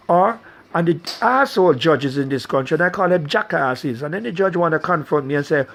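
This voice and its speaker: A man's voice: on the high side, a little fast, a bit bright. A middle-aged man delivering a blunt, angry political rant straight to his viewers. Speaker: political commentator.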